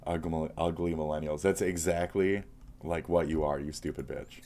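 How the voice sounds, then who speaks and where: Man, live streamer, very low voice, crude mocking rant. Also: fairly even intonation, normal speed, mellow. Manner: profane, mocking ranting. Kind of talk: live-stream reaction commentary.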